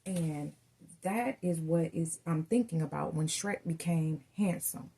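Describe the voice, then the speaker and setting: A woman's voice: low voice, measured pace, mellow, breathy edge. A woman doing a casual tarot reading, telling stories in a chatty way and calling her viewers y'all. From Southern United States. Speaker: tarot reader.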